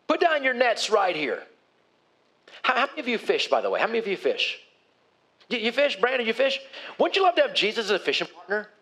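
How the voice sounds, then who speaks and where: A man's voice: sits high, sing-song, fast, sharp tone. A male pastor preaching a sermon in a conversational way, putting questions to his congregation.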